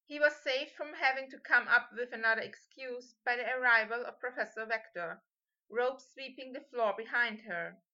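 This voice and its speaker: A woman reads a story aloud in a steady, intimate way. Her voice is bright and fairly high, and the recording sounds lightly muffled and lo-fi. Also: moderate pace. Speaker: audiobook reader. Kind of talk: fan fiction narration.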